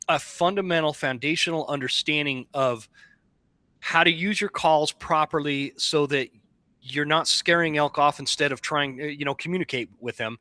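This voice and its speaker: Bright-voiced rambling man host. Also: fairly high pitch, dry recording. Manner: rambling, self-correcting, talks at length before asking. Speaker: podcast host. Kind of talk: casual podcast chat.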